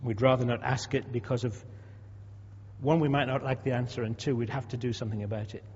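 A man's voice: medium pitch, fairly even intonation, fairly quick, a little mellow, a little hiss or hum. A man in his sixties preaching a sermon in a conversational way, asking rhetorical questions and repeating words as he goes. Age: 60s. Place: church. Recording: dull echoey hall recording.

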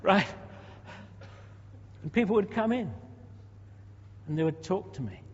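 A man's voice: high voice, very animated, a little slow, slightly rough. A man in his sixties preaching a sermon in a conversational way, asking rhetorical questions and repeating words as he goes. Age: 60s. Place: church. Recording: dull echoey hall recording.

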